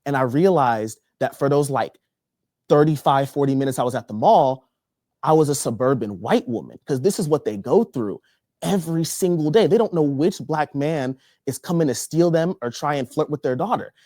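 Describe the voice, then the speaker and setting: A young man from Texas doing stand-up comedy, telling a story in an animated, profane way. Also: on the high side, normal speed, dry recording, studio quality. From Texas, USA. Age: young adult.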